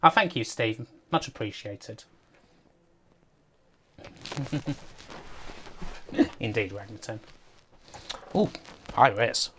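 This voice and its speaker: A man's voice: on the low side, expressive, very slow, long pauses, pushed and bright, slight background noise. A man giving casual, rambling livestream commentary over a game, laughing often and talking to his chat. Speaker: streamer.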